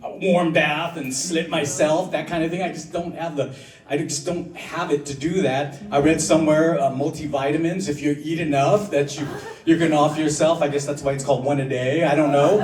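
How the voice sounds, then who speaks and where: A middle-aged man telling a personal story at an open mic, halting and full of fillers, mixing grief with self-mocking humor. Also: a little high, fairly even intonation, a little mellow. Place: underground performance venue on a live stage. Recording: roomy, distant live room with crowd. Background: audience laughing.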